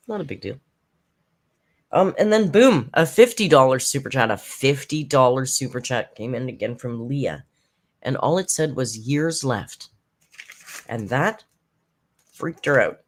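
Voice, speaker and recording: A casual commentary host talking through a recap at a mid-range pitch. The delivery is chatty and sarcastic, full of mocking asides.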